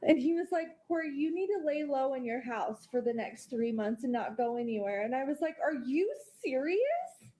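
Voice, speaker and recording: Distraught swearing woman, higher voice. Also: a little fast, few pauses, warm tone. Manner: upset, swearing, repeating herself. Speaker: widow in a recorded private conversation. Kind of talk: casual heated chat.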